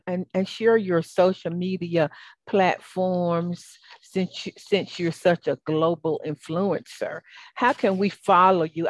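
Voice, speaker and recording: A woman with a Southern US accent hosts a podcast interview, warmly affirming her guest in faith-tinged, churchy phrasing. Her voice is lowish. The recording is dry.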